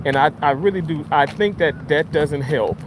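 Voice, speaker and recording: A man's voice: on the high side, normal speed, background noise. A man ranting in a casual vlog from his car, frustrated and swearing as he rambles. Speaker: vlogger.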